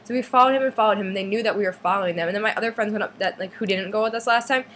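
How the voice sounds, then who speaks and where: A teenage girl rattles off a story to her camera in a chatty, bright voice. She fills it with "like" and pops up into a higher voice for the lines she quotes. Faint noise hums behind her. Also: rapid-fire. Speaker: fan vlogger. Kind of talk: casual storytelling vlog.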